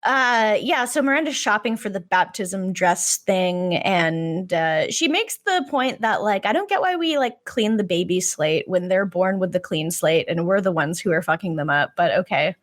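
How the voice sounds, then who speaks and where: A woman's voice: fairly low pitch, expressive, normal speed, few pauses. A woman co-hosting a podcast, chatting casually about a TV episode, swearing, laughing and acting out the characters. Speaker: podcast co-host. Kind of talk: casual chat.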